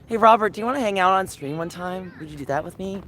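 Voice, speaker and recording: A man's voice: high voice, fast, a bit bright, a little hiss or hum. A man live streaming from a dog park on his phone, chatting in a gushing, playful way with strangers. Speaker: livestreamer. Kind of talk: casual live stream chat.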